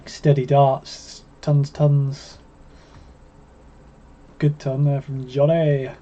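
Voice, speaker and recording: A man co-hosting a casual live stream, laid-back and quick with banter, laughing often. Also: mid-range voice, level tone, mellow, muffled recording. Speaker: co-host.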